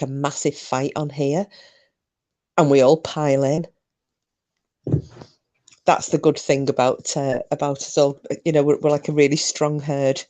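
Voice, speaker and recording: Her voice sits low and sounds mellow. She's a middle-aged live streamer making casual conversation with the people in her chat, laughing frequently as she goes.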